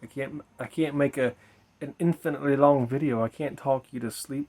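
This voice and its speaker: A man's voice: medium pitch, fairly even intonation, brisk, a little mellow. Tipsy man rambling outdoors at night. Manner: repetitive, swearing, musing aloud, addresses viewers as his children. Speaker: vlogger in a "Mother" persona. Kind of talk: rambling late-night monologue to camera. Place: outdoors at night beside a bar.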